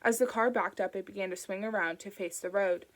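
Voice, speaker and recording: A woman reading an audiobook in a steady, even narration. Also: mid-range voice, fairly quick. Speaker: audiobook reader.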